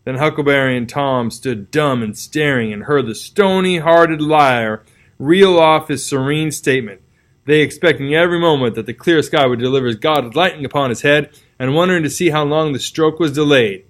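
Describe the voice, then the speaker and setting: A man reading a classic novel aloud as narrator, in a measured, dramatic storytelling manner. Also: a little high.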